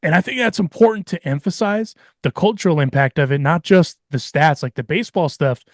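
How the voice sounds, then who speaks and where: A man's voice: fairly high pitch, fairly quick, no echo, studio quality. A man hosting a podcast, talking in a reflective, casual way and slipping into Spanish phrases. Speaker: podcast host.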